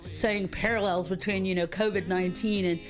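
A woman's voice: mid-range voice, steady tone, normal speed. A woman speaking as a music expert guest in a radio interview, chatty and enthusiastic, often laughing.

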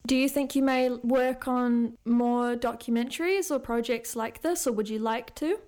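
Female radio host, somewhat high voice, brief, tentative interviewer. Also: normal speed, a little mellow. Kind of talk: interview conversation.

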